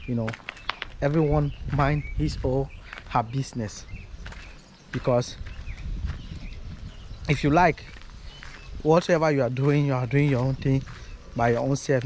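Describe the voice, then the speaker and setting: A man's voice: medium pitch, steady tone, unhurried, long pauses, darkish tone. A man talking casually to his camera while walking outdoors, rambling and repeating himself as he vlogs. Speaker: vlogger. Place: outdoors on a street. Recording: noisy outdoor street recording.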